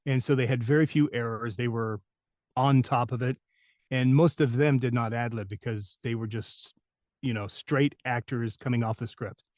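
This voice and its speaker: Male voice-actor guest, chatty storyteller, mid pitch, dead-dry sound. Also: steady tone, moderate pace, darkish tone, dry recording. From New Mexico. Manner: rambling anecdotes with many fillers and restarts. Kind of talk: interview storytelling.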